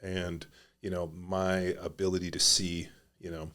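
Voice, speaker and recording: Speaking a little slowly in a low, level, sharp-toned voice, a middle-aged ex-pro football player rambles through stories as a podcast guest. His casual storytelling is blunt and profane.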